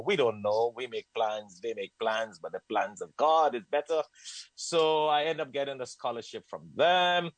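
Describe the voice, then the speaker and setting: A man from Trinidad whose accent blends Trinidadian, British and American, telling his life story as a guest in an animated way, often laughing and repeating phrases. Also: on the low side, no room sound, poor audio. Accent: Trinidadian mixed with British and American. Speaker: guest, Muslim scholar. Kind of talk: conversational storytelling.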